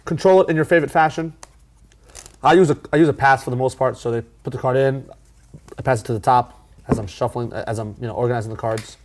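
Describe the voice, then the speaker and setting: A man teaching a card magic routine in a casual tutorial, talking in a relaxed way with plenty of fillers and restarts. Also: medium pitch, quick pace.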